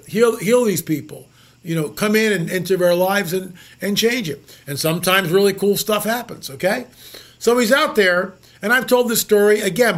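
Male host, high-pitched voice, emphatic storyteller who leans on rhetorical questions. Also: a bit bright. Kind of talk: storytelling monologue.

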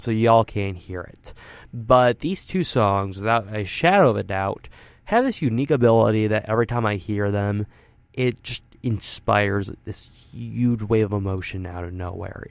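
A male host in a casual, earnest monologue, musing and sometimes trailing off softly. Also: fairly low pitch, clean tone, dry recording. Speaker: show host presenting songs.

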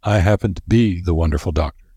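A man voicing a grim, earnest male doctor in a plain, steady voice. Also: sits low, fast talker, slightly rough, dry recording.

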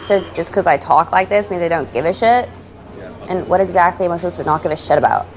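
A woman playing a barista in a comedy sketch, speaking in an affected vocal-fry drawl. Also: on the low side, quick pace, slight background noise, low-quality recording. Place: coffee shop.

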